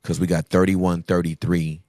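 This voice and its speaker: A man's voice: sits low, little pitch movement, moderate pace, darkish tone, no room sound, studio quality. A man guesting on a podcast, talking in a playful, emphatic way in casual conversation. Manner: playful, emphatic talker who acts out voices.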